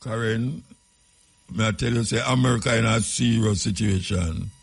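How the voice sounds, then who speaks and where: A man's voice: lowish voice, moderate pace, gravelly, a little hiss or hum. A man with a Jamaican accent hosting a casual radio talk show, talking in chatty patois with laughing asides.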